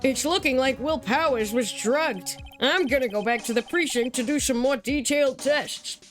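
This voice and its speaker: A woman's voice: high-pitched, moderate pace, a bit bright, faint music behind. A woman voicing a friendly male police detective, reading video game dialogue aloud in a chummy, casual way.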